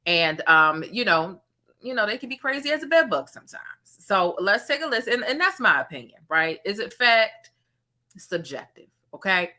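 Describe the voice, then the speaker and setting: Woman commentary host, sassy and animated, bright tone. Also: medium pitch, normal speed. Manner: sassy, animated, talks straight to viewers. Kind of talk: casual gossip commentary.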